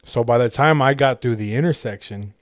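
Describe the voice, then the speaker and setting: A man's voice: mid-range voice, brisk, dry recording, clean studio sound. A man co-hosting a podcast, telling a road-rage story in casual, profane chat with lots of restarts. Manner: acts out shouted road-rage quotes. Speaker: podcast co-host.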